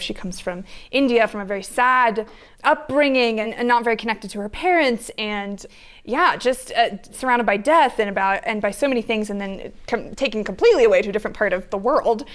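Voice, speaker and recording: A woman talking about her story in a live onstage conversation, chatty and laughing, searching for words. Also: medium pitch. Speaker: guest author.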